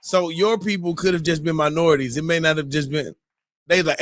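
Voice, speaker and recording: A man hosting a morning show, telling a story in a loose, animated way, whooping and mimicking crowd voices. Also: on the high side, brisk, no echo. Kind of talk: casual storytelling.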